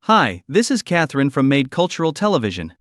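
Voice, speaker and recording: A man's voice: fairly high pitch, big pitch swings, brisk, fairly bright tone, no echo, studio quality. A man voicing a polite, professional female TV host in a recap story. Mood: upbeat. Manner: polite, presenter-like.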